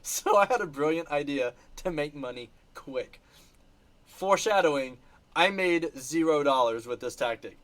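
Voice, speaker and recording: Man, slightly high voice, animated storyteller, casual livestream host. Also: normal speed. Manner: animated storyteller, laughs and coughs between sentences. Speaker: channel host reacting to live chat. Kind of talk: casual livestream chat showing trip photos.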